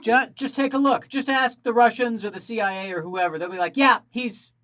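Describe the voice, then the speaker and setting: Performing remotely over a video call, a man does a stand-up set of animated stories peppered with self-deprecating asides. His voice is high and a little fast.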